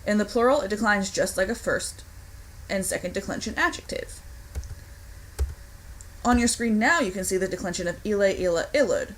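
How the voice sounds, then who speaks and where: Woman giving a steady Latin lesson. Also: medium pitch, slight background noise, rough recording. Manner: clear, deliberate explanation with occasional slips. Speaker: Latin instructor. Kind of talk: recorded online lesson lecture.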